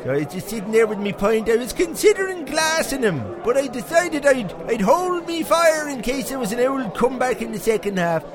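A man's voice: very high-pitched, big pitch swings, fairly quick, few pauses, over music, crowd noise, pitched above the performer's own voice. A man voicing a crude, boastful pub regular in a comic podcast monologue, rambling and swearing constantly. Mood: grumbling. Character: foul-mouthed Irish pub regular, middle-aged man, boastful and crude.

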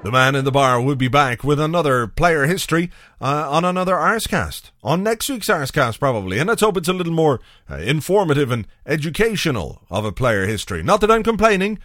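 A man's voice: fairly high pitch, big pitch swings, fairly quick, fairly bright tone, dry recording. A man hosting a football podcast in a chatty, wry manner with dry asides. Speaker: podcast host. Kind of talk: casual football podcast commentary.

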